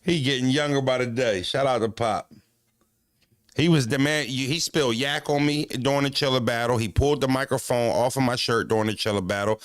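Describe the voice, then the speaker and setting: A man talking casually while walking, telling rambling, profane stories and shouting out his viewers. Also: medium pitch, fairly quick, no room sound, clean studio sound. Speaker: battle rapper vlogging. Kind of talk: casual walking vlog chat. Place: outdoors, walking.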